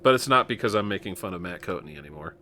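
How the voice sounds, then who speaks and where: A man's voice: sits low, lively intonation, quick pace, bright, forceful tone, slight background noise. A man from Nebraska hosting a podcast in casual chat, rambling with lots of fillers and chuckles. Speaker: podcast host.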